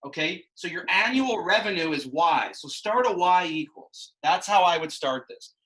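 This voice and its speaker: A man's voice: on the high side, lively intonation, moderate pace, bright, forceful tone, low-quality recording. A man teaching a math class, explaining ideas with frequent restarts and asides. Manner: explanatory, rambling with many restarts. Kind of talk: classroom instruction.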